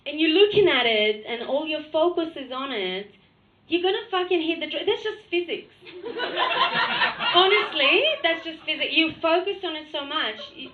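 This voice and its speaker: A woman's voice: sits high, normal speed, roomy sound, phone-quality sound, a little hiss or hum. A woman from Russia with a Russian accent doing a crude, blunt stand-up comedy set on a club stage. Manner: blunt, crude, deadpan with frequent laughs.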